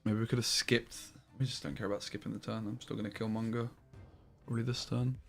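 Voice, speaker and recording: A man giving casual gameplay commentary on a stream, swearing freely and quick to get frustrated. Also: on the low side, flat delivery, gravelly, soft background music.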